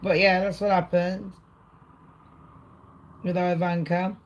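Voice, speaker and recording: A woman hosting a livestream, ranting casually to her chat in an excitable, rambling way, swearing a lot. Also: lowish voice, slow pace, highs cut off. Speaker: livestream host. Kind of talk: casual rant to a live chat.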